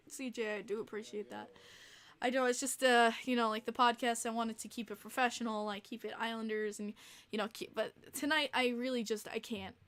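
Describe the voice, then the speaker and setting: On a casual livestream podcast, a woman with a somewhat high, fairly bright voice chats to her viewers. She's a podcast host and streamer who rambles with open emotion, full of fillers and restarts.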